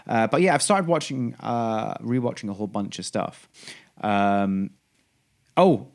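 A man's voice: fairly low pitch, a little slow, vocal fry. A man co-hosting a podcast in casual chat, rambling through fillers and restarts and gushing about shows he loves. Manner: enthusiastic. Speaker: podcast co-host.

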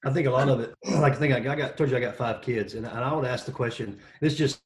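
A man in his thirties talking as a podcast guest, energetic and joking as he tells stories. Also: medium pitch, fast. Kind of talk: casual podcast conversation.

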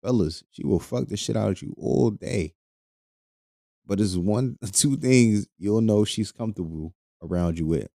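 Low-voiced man ranting crudely on a podcast. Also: a little slow, vocal fry, warm tone, no echo, clean studio sound. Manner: crude, joking, loose and rambling, laughs often. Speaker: podcast host. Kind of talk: casual podcast rant.

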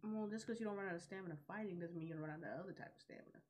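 A woman co-hosting a casual anime chat, animated and quick to laugh, acting out quotes as she talks. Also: fairly low pitch, crowd noise. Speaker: podcast co-host.

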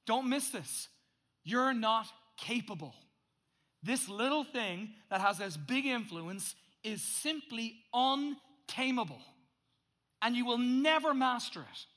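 A middle-aged male pastor preaches a sermon in a voice that sits high, swinging between loud, emphatic bursts and hushed, intense asides.

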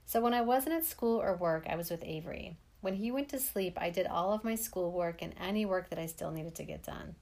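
A woman with a lower voice narrating her own life story. She tells it plainly, with dry, wry asides. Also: fairly quick, hardly any pauses, a little mellow. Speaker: memoir narrator. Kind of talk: first-person memoir storytelling.

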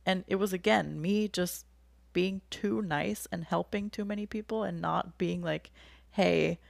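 A woman's voice: mid-range voice, fairly even intonation, moderate pace, vocal fry, no echo. A young woman telling a personal story in casual conversation, candid and emotional, often laughing as she speaks.

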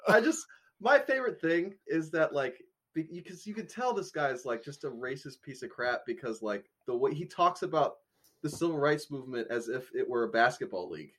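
A man co-hosting a casual podcast, telling a story with lots of laughter and animated asides. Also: fairly high pitch, fairly quick, breathy edge. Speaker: podcast co-host.

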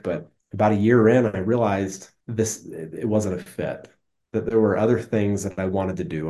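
Guest: man, 30s, from Utah. Low voice with a warm, mellow tone, earnest and reflective. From Utah, United States. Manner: earnest, conversational, frequent restarts. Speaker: interview guest, business executive. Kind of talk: reflective storytelling.

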